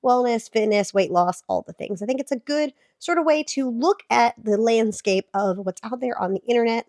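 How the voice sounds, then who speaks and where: A woman's voice: a little high, moderate pace, a little mellow, no echo, clean studio sound. A woman in her thirties, talking with a sick voice, gives chatty reaction commentary on fitness advice as a vlogger. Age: 30s. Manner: chatty, explanatory, filler-heavy.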